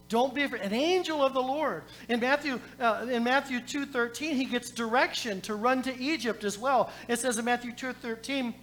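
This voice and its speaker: A man preaching a sermon, telling a story with jokes to the congregation, moving from loud calls to quiet scripture reading. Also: extremely high pitch, normal speed, a little hiss or hum. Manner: joking asides to the congregation. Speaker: pastor.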